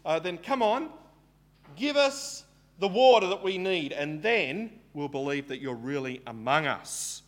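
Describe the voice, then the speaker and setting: A man's voice: a little high, animated, a little slow, pitched above the performer's own voice. A man voicing a demanding, grumbling Israelite who mockingly challenges God during a sermon. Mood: sarcastic demanding.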